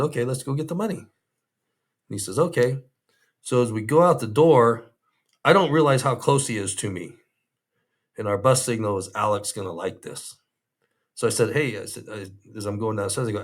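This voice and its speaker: A man telling a story from his undercover days in an interview, quoting what others said. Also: lowish voice. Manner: animated retelling, quoting others in raised voices.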